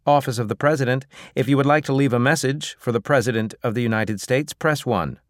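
A man doing a brisk automated phone menu. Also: medium pitch, no room sound, studio quality, voice pushed up, natural voice. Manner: quick, clipped menu recital. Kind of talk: audiobook reading.

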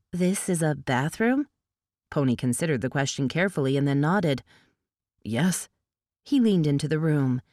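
Female audiobook narrator, low and dry, measured storytelling delivery. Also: warm tone, no room sound. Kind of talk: scripted narration.

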